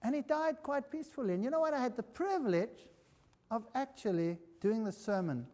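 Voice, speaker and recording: A man's voice: very high-pitched, animated, fairly quick. Emphatic preacher man in a reverberant hall. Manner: emphatic, conversational, swings between loud and hushed. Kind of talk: sermon with storytelling. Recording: long reverb of a large hall.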